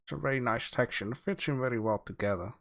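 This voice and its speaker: A man talks through artwork on a livestream in a loose, unhurried way, stopping on "uh" and "um" as he thinks. His voice sits at a middle pitch for a man, and he reads out viewer comments between his own remarks. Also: gravelly. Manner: relaxed, filler-heavy, thinking aloud while reviewing. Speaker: livestream host giving art feedback.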